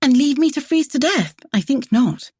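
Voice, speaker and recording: A woman's voice: high-pitched, lively intonation, moderate pace, darkish tone, no echo, clean studio sound, pitched above the performer's own voice. A woman voicing a bold, teasing young lady painter. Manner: teasing, playful.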